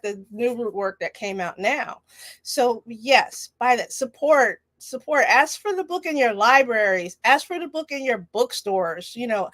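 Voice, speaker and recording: A woman author talking in a casual, animated interview, chatty and full of fillers. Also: high-pitched, dry recording. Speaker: author guest.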